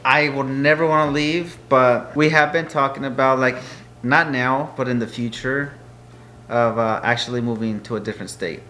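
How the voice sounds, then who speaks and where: A man's voice: medium pitch, fairly even intonation, moderate pace, sharp tone. A man co-hosting a casual home vlog with his wife, giving easygoing, laid-back answers. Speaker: co-host, husband. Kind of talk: casual Q&A chat.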